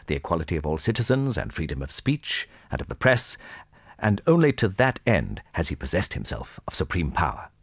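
A man voicing an earnest young man who argues fast and eagerly in a storybook reading. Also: sits low, big pitch swings, slightly rough, no room sound, clean studio sound, heavily acted.

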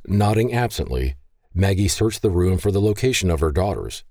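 A man narrating a novel in a very deep voice. His delivery swings widely in pitch and stays expressive. The sound is close and dry, with no room. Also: moderate pace, dry recording. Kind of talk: scripted audiobook narration.

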